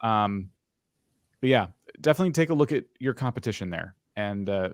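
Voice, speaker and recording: A man's voice: lowish voice, lively intonation, a little fast, no room sound, clean studio sound. A man hosting a live review of video channels, talking casually and frankly as he thinks aloud.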